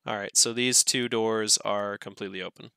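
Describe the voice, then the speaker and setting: A man's voice: lowish voice, fairly even intonation, moderate pace, creaky, pushed and bright, clean tone, no room sound. A man narrating a tabletop game as game master, laid-back and swearing now and then.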